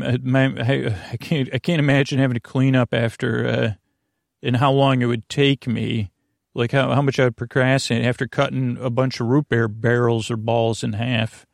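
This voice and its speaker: A man hosting a sleep podcast, talking in a slow, meandering bedtime monologue that keeps drifting off topic and interrupting itself. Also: medium pitch, creaky, no echo, clean studio sound. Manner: meandering, self-interrupting, soft-spoken.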